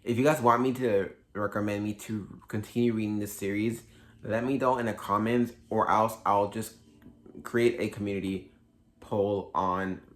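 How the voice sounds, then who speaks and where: Male book vlogger, slightly low voice, loose chatty delivery with constant fillers and self-corrections. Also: steady tone, moderate pace. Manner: rambling, heavy use of "like", frequent restarts. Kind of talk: casual book review vlog.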